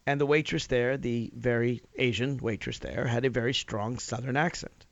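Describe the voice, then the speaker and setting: A man's voice: medium pitch, normal speed, gravelly, no room sound, muffled recording. A man from Tennessee hosting a radio talk show, arguing his point with rhetorical questions and emphatic rises. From Nashville, Tennessee, US. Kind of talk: opinion talk radio monologue.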